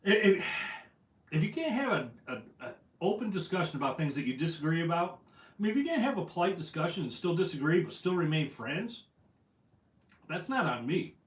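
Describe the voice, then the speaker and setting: A man's voice: on the high side, sing-song, brisk. Chatty man hosting a fishing livestream. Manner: chatty, rambling, self-deprecating. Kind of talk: casual livestream chat reading comments. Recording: echoey room, voice from afar.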